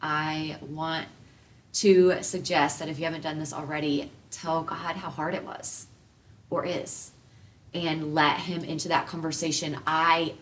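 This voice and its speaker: A woman in her thirties talks candidly as an interview guest, with a somewhat low but bright, forceful voice. She is earnest and heartfelt, sometimes dropping soft and sometimes lifting into lively bursts. Her voice sits a little back from the microphone. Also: a little slow, recorded from a distance, slight background noise. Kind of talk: candid personal storytelling.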